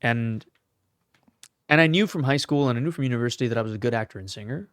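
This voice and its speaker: Young Canadian man telling animated stories. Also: mid-range voice, quick pace, no room sound, studio quality. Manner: animated, acts out quoted lines. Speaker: actor, podcast guest. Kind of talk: casual interview storytelling.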